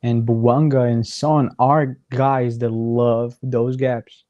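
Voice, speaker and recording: A man casually chatting through a soccer watchalong as a streamer, his voice going hoarse, rambling as he works out the league standings aloud. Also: mid-range voice, level tone, slow, dark tone, dry recording, muffled recording. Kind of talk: casual live match commentary.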